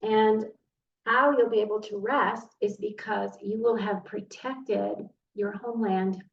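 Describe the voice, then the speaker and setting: A woman with a mid-range, gravelly voice gives a tarot reading directly to the viewer at a measured pace, her intonation fairly even. She comes across as earnest and easily moved. The recording is distant and roomy, with a dull sound and faint noise.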